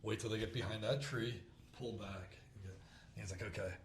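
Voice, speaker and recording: A man in his thirties telling a hunting story in casual chat, acting out the quotes with quick laughs. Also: lowish voice, steady tone. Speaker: podcast host. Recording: roomy with faint background noise.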